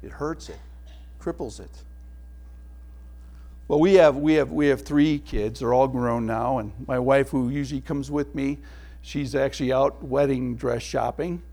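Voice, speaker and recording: Middle-aged pastor guy, gravelly voice, chatty sermon stories, goes soft and quiet when he prays. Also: mid-range voice, measured pace. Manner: storytelling with laughs, dropping to a hushed tone for prayer.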